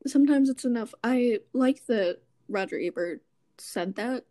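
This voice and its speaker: A woman co-hosting a casual movie podcast, reading from her notes with frequent ums and a relaxed, chatty delivery. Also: a little high, a little slow, dry recording. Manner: reads notes aloud with many ums. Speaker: podcast co-host. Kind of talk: casual chat.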